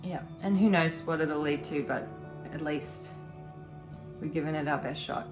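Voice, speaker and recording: With music playing behind her, this deep-voiced vlogger in her thirties speaks at a moderate pace. The chat is casual but earnest and reflective, delivered in lengthy run-on sentences.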